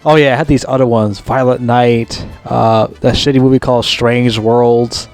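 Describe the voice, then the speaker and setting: A man talks through a movie in a loose, rambling review, swearing constantly and circling back over the same points. His voice sits at a middling pitch but shoots up when excitement takes over. Faint music plays behind him. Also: moderate pace. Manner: rambling, heavy swearing, repeats himself; gets loudly excited and higher when retelling scenes. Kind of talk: casual movie review vlog.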